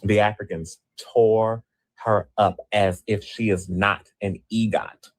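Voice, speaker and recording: Guy with a lowish voice ranting on a news show, keeps repeating himself, dry close sound. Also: fairly even intonation, takes it slowly, no room sound. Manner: emphatic, repeats phrases. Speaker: co-host. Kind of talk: opinionated commentary.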